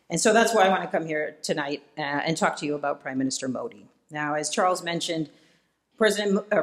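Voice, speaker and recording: A man giving a public talk A man addresses a live audience in an event hall, moving easily between policy points and self-deprecating stories. He often pauses on "uh" as he goes, relaxed and conversational rather than scripted. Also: on the high side. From Iowa, United States. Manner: relaxed storyteller, self-deprecating, frequent "uh" fillers. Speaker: guest speaker, policy fellow. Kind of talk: public lecture with personal anecdotes.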